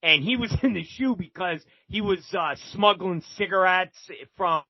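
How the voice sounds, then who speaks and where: A man's voice: sits high, moderate pace, dry recording, muffled recording. A man guest telling a story casually and animatedly, swearing freely and acting out other people's lines. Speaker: podcast guest.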